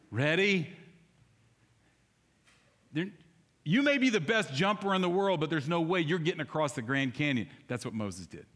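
Male pastor, mid-range voice, lively sermon delivery full of direct questions to the room, long hall reverb. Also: mid-range voice. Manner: animated, talks straight to the congregation with rhetorical questions. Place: church sanctuary.

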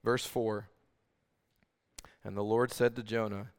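Man preaching in a smooth voice. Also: fairly low pitch, slow pace. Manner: earnest, animated preaching with rhetorical questions. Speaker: pastor. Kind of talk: sermon. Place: large room with congregation.

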